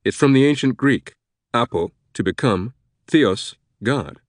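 A man's voice: medium pitch, lively intonation, unhurried, no room sound, clean studio sound, lightly acted. A man voicing a learned male professor who explains history patiently. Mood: explaining.

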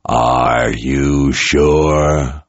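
A man doing a deep, gravelly, menacing emperor. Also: fairly even intonation, dry recording, full character voice. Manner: slow, threatening, enraged at times. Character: menacing male emperor speaking through a possessed young soldier. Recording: dull lo-fi recording.

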